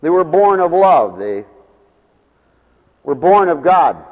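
A man preaching a sermon, swinging between raised declarations and low, quiet asides, sometimes acting out what people say. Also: big pitch swings, slow, in a large hall, muffled recording. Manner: mimics people in dialogue.

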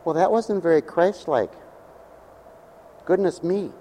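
A man preaching a sermon as pastor, swinging between loud declarations and hushed, low storytelling. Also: animated, slow, in a large hall, a little hiss or hum, poor audio.

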